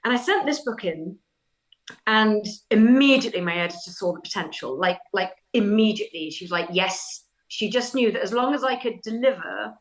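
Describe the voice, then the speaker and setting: A middle-aged woman, talking as a guest in a podcast interview. She tells her stories in a lively, chatty way, with self-deprecating humour and an easy conversational pace. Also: mid-range voice, a little fast, poor audio. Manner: animated, chatty anecdotal telling with self-deprecating laughs. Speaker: author guest. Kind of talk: casual interview storytelling.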